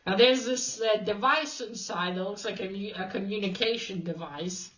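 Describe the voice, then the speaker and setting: A woman casually recapping a story's plot, hesitant and halting, with many fillers and restarts. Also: medium pitch, fairly bright tone, highs cut off. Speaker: video host retelling a comic.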